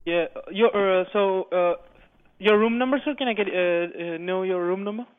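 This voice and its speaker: A man at a motel front desk stammering through a phone call, polite and unsure. His voice is a little high, and the line sounds dull and muffled. He keeps falling back on fillers. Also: normal speed, smooth. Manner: hesitant, polite, many fillers.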